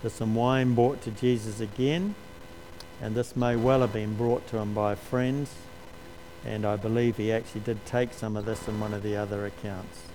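Slow, emphatic preacher. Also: male voice, lowish voice, a little mellow, slight background noise, poor audio. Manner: slow, emphatic, rises to stress key words. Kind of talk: sermon.

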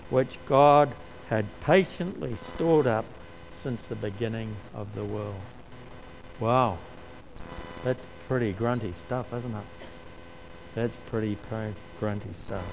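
A man preaching a sermon, slow and emphatic, lifting his voice to stress key words. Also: mid-range voice, creaky, a little mellow, a little hiss or hum, low-quality recording.

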